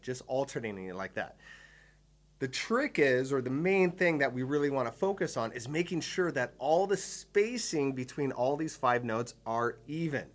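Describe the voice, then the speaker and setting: A man's voice: mid-range voice, animated, moderate pace. A man giving a drum lesson, explaining patterns step by step with enthusiasm and counting beats aloud. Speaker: drum teacher. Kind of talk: instructional video lesson.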